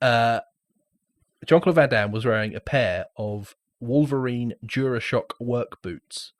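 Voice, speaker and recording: A man's voice: medium pitch, a little slow, dry recording. British man chatting about movies, dry sound. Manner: laughs often, tells trivia. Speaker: podcast co-host. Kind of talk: casual movie chat.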